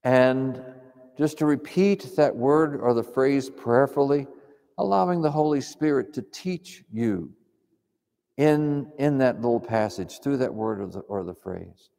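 Gravelly dark-voiced guy giving a calm chatty sermon, hall echo around him. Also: medium pitch, unhurried. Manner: calm, reflective, conversational. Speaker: preacher. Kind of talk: sermon teaching on prayer. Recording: long hall reverb.

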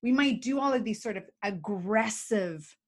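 With crowd noise in the background, a talk-show co-host teaches emotional skills in an expressive mid-range voice at a moderate pace. Her explanations are casual, punctuated by frequent laughter and acted-out examples.

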